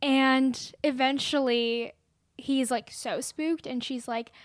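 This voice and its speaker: High-voiced young woman, chatty co-host. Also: steady tone, takes it slowly, no room sound, studio quality. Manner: chatty, agreeing, finishes the other host's sentences. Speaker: podcast co-host. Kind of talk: casual film recap chat.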